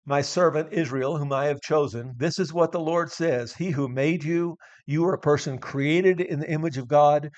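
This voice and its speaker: A man preaching from the pulpit with a somewhat high voice. He is earnest, stumbles and restarts his words, then swells into emphatic declarations. The sound is dry and a little muffled. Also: no echo. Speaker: pastor. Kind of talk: sermon.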